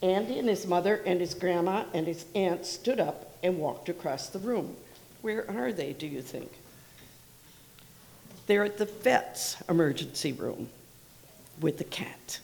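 A woman reading a picture book aloud to children in a room, expressive and lively, with asides to her listeners. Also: lowish voice, a little slow, vocal fry, poor audio.

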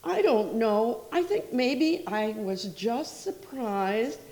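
A woman reading aloud as a mother who softly and slowly recalls a childhood memory. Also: a little high, animated, in a large hall, voice pushed up. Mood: reflective.

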